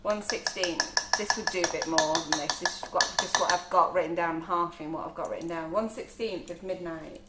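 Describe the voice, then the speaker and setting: A woman's voice: fairly low pitch, moderate pace, few pauses, very noisy. A woman demonstrating cake decorating in a live kitchen session, chatting as she measures and mixes colours. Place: large echoey kitchen. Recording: echoey kitchen.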